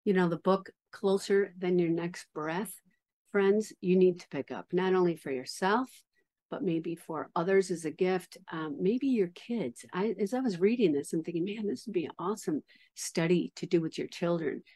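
A woman hosting a faith interview, warm with praise and enthusiastic about the book she discusses. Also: fairly low pitch, normal speed. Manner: enthusiastic, effusive. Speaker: interview host.

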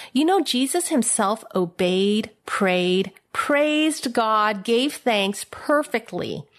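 A woman giving a devotional sermon in a gentle, reassuring way, sometimes dropping to soft, tender tones. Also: medium pitch. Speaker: preacher.

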